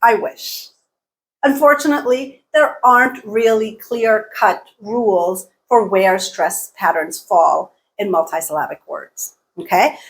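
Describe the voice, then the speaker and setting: A woman teaching an English pronunciation lesson, patiently repeating each example word slowly and checking in with frequent okays. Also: medium pitch.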